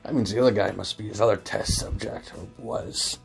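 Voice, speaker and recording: A man voicing a cruel, mocking young male villain in a low, hissing half-whisper. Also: steady tone, brisk, gravelly, soft background music. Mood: menacing.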